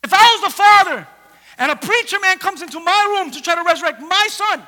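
A man's voice: very high voice, expressive, a little fast, bright, forceful tone. A man preaching a sermon, retelling a scripture story with humor and acting out the characters. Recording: long hall reverb.

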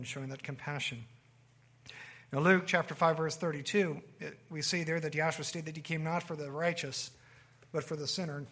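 A man's voice: on the high side, a bit bright. Earnest man preaching a sermon. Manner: earnest, repeats key phrases for emphasis. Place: meeting room with a live audience.

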